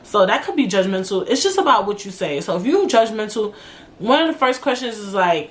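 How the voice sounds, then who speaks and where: A woman's voice: mid-range voice, fairly quick. A young woman hosting a solo podcast, talking casually and bluntly, with a lot of swearing and slang. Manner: blunt, profane, animated, drawling slang. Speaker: podcast host.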